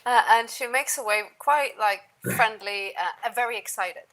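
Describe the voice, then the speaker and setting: Bright-voiced woman narrating as game master. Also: fairly high pitch, moderate pace, rough recording. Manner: laughs often, drops to soft near-whisper in narration.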